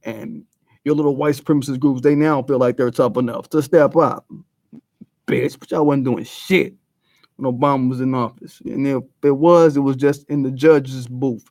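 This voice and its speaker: A man's voice: medium pitch, fairly even intonation, normal speed, darkish tone, dry recording. A man giving a blunt, profane commentary rant full of street slang. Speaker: video commentator.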